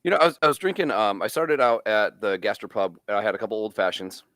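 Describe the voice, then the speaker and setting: A man's voice: lowish voice, fast, no echo, studio quality. A man, co-hosting a podcast and telling stories in casual banter, swearing freely. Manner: swearing, storytelling, animated. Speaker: podcast co-host.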